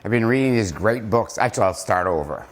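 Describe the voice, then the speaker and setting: A man leading viewers through slow push-ups while counting aloud, then reflecting on slowing down, a little out of breath. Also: animated. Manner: reflective, drops low and soft to make points. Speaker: company founder giving a motivational talk. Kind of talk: casual motivational vlog talk.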